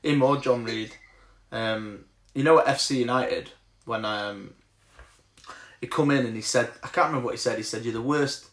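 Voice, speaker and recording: A man's voice: medium pitch, moderate pace, a bit bright. An English man hosting a podcast, chatting bluntly about football with plenty of swearing and laughter. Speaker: podcast host. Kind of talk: casual chat. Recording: echoey room.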